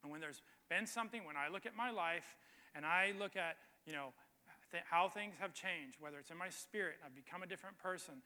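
Male pastor, slightly high and very bright voice, loose storytelling sermon, long reverb of a church hall. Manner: conversational storytelling with emphatic repetition.

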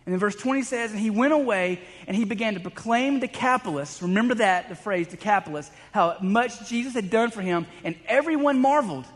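A man's voice: high voice, animated, brisk, few pauses, long reverb tail. A man preaching a sermon, telling stories in a conversational way with frequent restarts. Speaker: pastor.

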